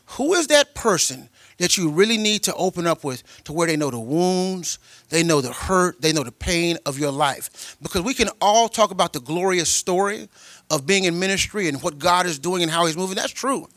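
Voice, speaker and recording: A man preaching a sermon as a pastor, telling personal stories in a colloquial way, with delivery that swings from loud and emphatic to quiet and tender. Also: sits high, expressive, normal speed, no echo. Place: church.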